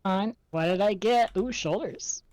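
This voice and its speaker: A co-player chatting casually during a game in a dry, deadpan way, sometimes muttering. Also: mid-range voice, a little slow. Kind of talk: casual chat while gaming.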